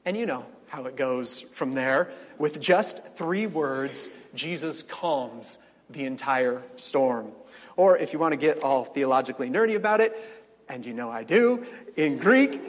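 A man's voice: a little high, expressive, unhurried, long reverb tail. A middle-aged male pastor preaching a sermon, storytelling with dramatic swells and wry asides.

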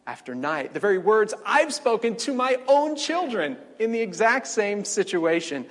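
A man's voice: sits high, big-room sound. A middle-aged male pastor preaching a sermon, storytelling with dramatic swells and wry asides.

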